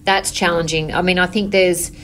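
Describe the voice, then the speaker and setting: A woman, a business owner answering interview questions in an earnest, measured way, often saying "you know". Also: fairly low pitch, fairly even intonation, a bit bright, a little hiss or hum.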